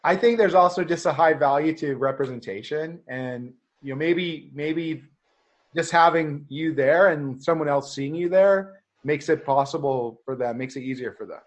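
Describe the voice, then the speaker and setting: A man co-hosting a podcast, chatting casually and trailing off quietly at the ends of his thoughts. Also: on the high side, moderate pace. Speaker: podcast co-host. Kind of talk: casual conversational chat. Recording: dull lo-fi remote audio.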